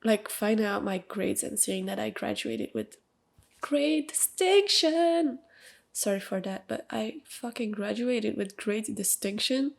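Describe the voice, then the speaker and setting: A woman's voice: mid-range voice, steady tone, normal speed, creaky, hardly any pauses. A young woman from Belgium with a Belgian accent and a nasal voice, chatting casually and emphatically on her own podcast with lots of fillers. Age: young adult. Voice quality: nasal from allergies. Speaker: podcast host. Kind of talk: personal casual monologue. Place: at home with cats.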